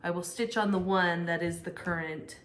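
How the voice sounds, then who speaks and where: A woman's voice: fairly low pitch, fairly even intonation, moderate pace, a bit bright. A woman co-hosting a stitching show, chatting casually in a self-deprecating way and laughing at herself. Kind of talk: casual chat. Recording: echoey room, faint noise.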